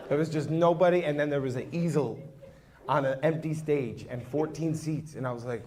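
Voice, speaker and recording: Crude high-voiced stand-up comic. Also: male voice, big pitch swings, measured pace, pauses often. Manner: crude, self-deprecating, teasing the audience. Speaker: stand-up comedian. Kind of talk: stand-up set with crowd work. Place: small live comedy venue. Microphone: handheld microphone. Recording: noisy live room recording.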